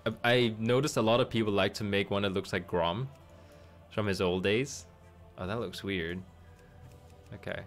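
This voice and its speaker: A man's voice: on the low side, normal speed, pauses often, soft background music. A man streaming a game, chatting casually and thinking aloud with amused asides. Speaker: gaming streamer.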